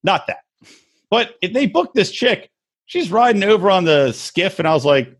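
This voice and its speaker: A man's voice: sits high, moderate pace, husky. A man co-hosting a casual podcast about reality TV, ranting in a crude, mocking way. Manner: crude, animated, mocking rants. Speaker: podcast co-host.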